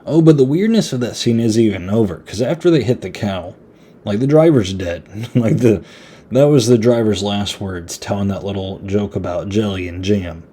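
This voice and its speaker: A man's voice: fairly low pitch, moderate pace, mellow, breathy edge. A man hosting a podcast, giving a casual, rambling horror movie review in a laid-back, chatty way. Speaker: podcast host.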